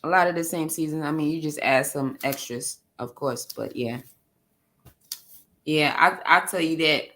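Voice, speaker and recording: A woman with a New York accent, talking on a casual panel in a blunt, profane, laughing way. Her voice sits a little low for a woman. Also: moderate pace, fairly bright tone, slight background noise.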